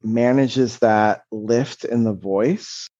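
A man's voice: medium pitch, drawn-out words, mellow, dull audio. A man co-hosting a podcast in casual chat, reflective and analytical as he talks about acting. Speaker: podcast co-host.

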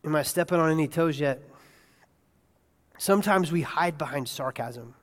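A male pastor preaching a conversational sermon in a church, asking his congregation questions and swinging between hushed asides and loud, excited bursts. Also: on the high side, normal speed. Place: church sanctuary. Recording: long hall reverb.

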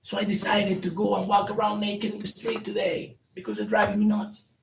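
Man, high-pitched, candid trainer who jokes and restarts often; distant mic, roomy hall, faint noise. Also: monotone, a little fast, creaky. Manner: candid, jokey, many restarts and stumbles. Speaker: speaker training police on brain injury. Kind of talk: training talk to a live audience.

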